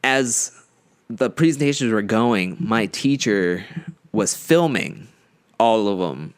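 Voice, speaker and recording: A man's voice: on the low side, expressive, takes it slowly, smooth, dry recording. A young man co-hosting a podcast, telling a story in casual, rambling chat, full of "like" and fumbled words. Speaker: podcast co-host.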